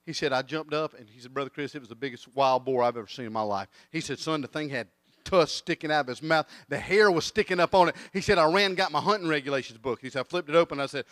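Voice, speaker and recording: Lively, bright-voiced preacher. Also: male voice, fairly high pitch, quick pace, no echo, studio quality. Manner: animated storyteller, acts out voices. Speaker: guest preacher. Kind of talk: sermon with comic storytelling. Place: church.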